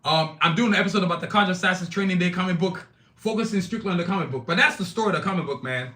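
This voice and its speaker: A man's voice: sits high, very fast, sharp tone. A man hosting his own live-streamed podcast, talking emphatically and bluntly, with frequent profanity, straight to his chat. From Nigeria. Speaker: podcast host.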